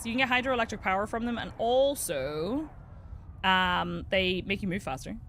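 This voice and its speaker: Woman game streamer, chatty storyteller, lively pitch, faint background noise. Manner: chatty storyteller, animated, laughs a lot. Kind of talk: casual chat while playing a game.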